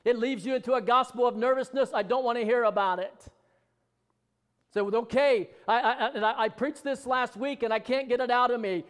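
Man, preacher, very high voice, fervent sermon, loud declarations, joking asides. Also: brisk, clean tone.

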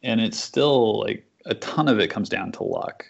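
A man's voice: lowish voice, expressive, moderate pace, creaky. A man, a comic book writer, chatting casually as a podcast guest and rambling through a story with lots of fillers. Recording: dull lo-fi sound.

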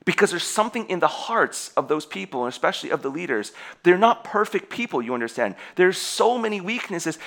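A young adult man preaching a sermon to his congregation in an animated way, laughing often and restarting his sentences. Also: high voice, brisk, vocal fry. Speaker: pastor.

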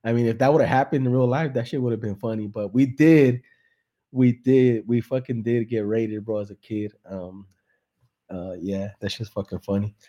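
A young man rattles off a story in a loose, profane way, hopping between English and slang. His voice is mellow and warm, sitting in an ordinary middle pitch. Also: steady tone, normal speed, dull audio. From San Jose, California. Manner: profane, laid-back, switching between English and Spanish slang. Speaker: comedian and podcast host. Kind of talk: casual joke-telling on a live podcast.

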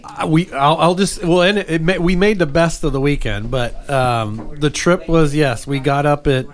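Guy rambling through a story on a chat show, kinda high voice, keeps backing up. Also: normal speed. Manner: rambling, with many restarts and asides. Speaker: co-host telling a story.

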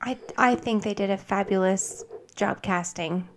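A woman's voice: medium pitch, unhurried, a little hiss or hum. A woman chatting casually with friends on a podcast, giggly and playful. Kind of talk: casual group chat.

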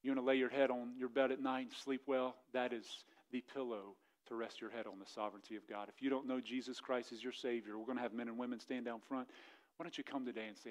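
A young adult man preaching a sermon as a pastor, building to loud impassioned passages and then easing into a soft prayerful close. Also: mid-range voice, steady tone, fast talker.

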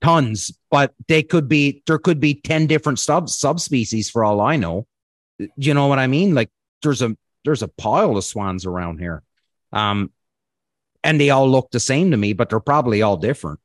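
A man's voice: medium pitch, expressive, moderate pace, no echo. A man hosting a podcast, chatting casually in a rambling way, full of fillers and swearing. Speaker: podcast host. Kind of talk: casual chat.

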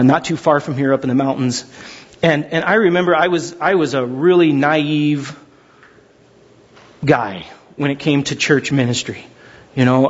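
A man in his forties preaches a sermon, his voice high and a little husky. He tells stories in an animated way, acting out the quotes. The sound is dull and rings with long reverb from a large church hall. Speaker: pastor.

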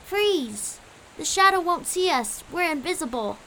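Small excitable quail, shrill and high, voiced by a woman; storybook animal, steady hiss. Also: measured pace, heavily acted, low-quality recording. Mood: hushed. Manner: shrill, urgent shrieks.

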